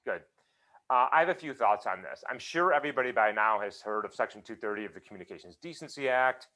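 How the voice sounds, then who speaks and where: Man, talk guest over a video call, lively pitch, emphatic and full of restarts. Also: fast talker. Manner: animated, emphatic, many fillers and restarts. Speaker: guest speaker. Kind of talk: conversational Q&A talk.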